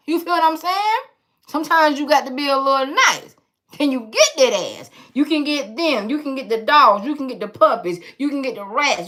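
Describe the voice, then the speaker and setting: A woman's voice: sits high, a bit bright. A woman giving a blunt, sassy tarot reading to her viewers, talking in a teasing, profane way. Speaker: tarot reader.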